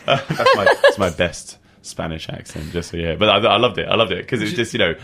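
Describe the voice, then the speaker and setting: A man co-hosting a relaxed chat show, joking and laughing as he talks. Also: low-pitched, fairly quick, few pauses, a little hiss or hum. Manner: jokey, laughs often. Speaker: co-host. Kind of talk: casual chat.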